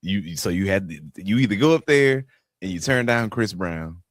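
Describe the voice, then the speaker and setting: A man's voice: fairly low pitch, animated, normal speed, no echo, clean studio sound. A man co-hosting a podcast in casual chat, laid-back, mostly chiming in with short agreements.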